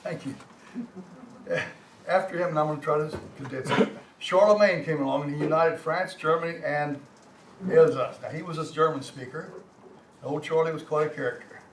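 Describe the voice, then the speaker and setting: An older man with a Texan accent teaches a community language class. He lectures from slides in a halting, folksy way, often repeating words and joking with the class. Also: a little high. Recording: roomy, distant mic, faint hum.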